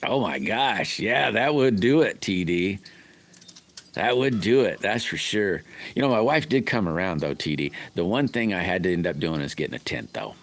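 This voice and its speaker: A middle-aged man hosts a casual livestream. His voice sits very low. He rambles in a folksy way and greets his viewers by name. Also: animated, moderate pace. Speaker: livestream host chatting with viewers.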